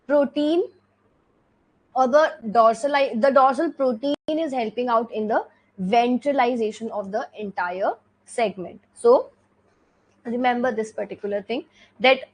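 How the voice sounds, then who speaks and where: A woman's voice: fairly high pitch, low-quality recording. A woman with an Indian English accent teaching an exam revision lecture, explaining step by step and repeating key points with frequent checks like "okay".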